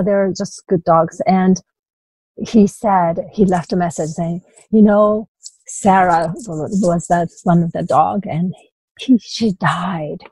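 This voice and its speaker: A woman telling her personal story as a guest in an interview, in halting bursts with many restarts, asides and small laughs. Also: on the low side, dark tone, husky, no room sound, poor audio. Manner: halting retelling with frequent restarts, "you know" and light laughs.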